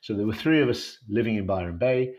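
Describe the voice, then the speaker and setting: A man's voice: fairly low pitch, expressive, brisk, darkish tone. A Welsh man, a guitarist, chatting casually in an interview, rambling with many restarts and fillers. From Wales. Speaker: guitarist in a band, guest.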